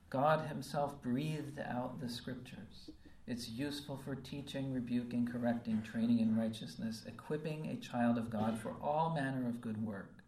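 A man's voice: medium pitch, darkish tone, slight background noise. A man preaching a sermon, earnest and repetitive, often checking in with "okay?" as he reads and explains scripture. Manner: earnest, repeats phrases, frequent "okay?" check-ins. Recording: roomy and distant from the mic.

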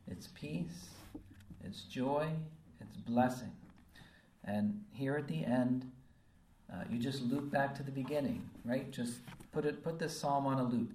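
A male preacher delivering a sermon in an earnest, repetitive way, pausing often to check in with his listeners. His voice sits at a middle pitch. It is picked up from a distance, with a roomy echo around it. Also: dark tone, a little hiss or hum. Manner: earnest, repeats phrases, frequent "okay?" check-ins.

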